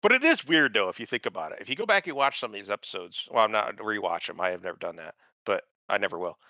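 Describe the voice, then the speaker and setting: A man's voice: lowish voice, big pitch swings, fast, bright, forceful tone, no echo. A man co-hosting a podcast, swearing freely as he rants about a TV show and mocks its characters. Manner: profane, ranting, mocks characters in put-on voices. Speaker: podcast co-host. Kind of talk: casual chat, crude TV recap. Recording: dull lo-fi sound.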